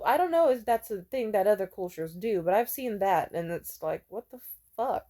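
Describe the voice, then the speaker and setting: In her vlog, a young woman recounts stories openly and crudely, putting on taunting voices for anyone she quotes. Her mid-range voice has a dark tone, animated and delivered at normal speed.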